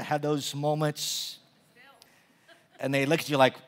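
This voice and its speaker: A male pastor preaching a sermon to his church, often repeating words as he builds from calm teaching to loud, animated storytelling. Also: a little high, unhurried, pauses often.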